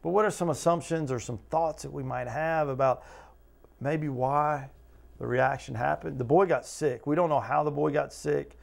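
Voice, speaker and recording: Teaching a Bible study, this pastor keeps throwing questions at his listeners in an earnest, conversational way and acts out quotes. His gravelly male voice is a little high and moves at a moderate pace.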